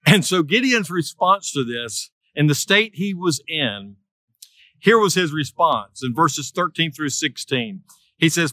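A man's voice: normal speed, pushed and bright, no room sound. A man preaching a sermon, retelling a scripture story and acting out quoted voices. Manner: storytelling, acts out quoted voices with raised pitch.

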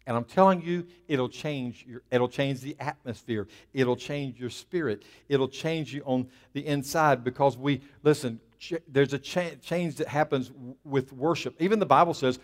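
A man's voice: mid-range voice, moderate pace, few pauses. Emphatic preacher man. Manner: emphatic, rising and falling, plainspoken with asides to the congregation. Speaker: pastor. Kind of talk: sermon.

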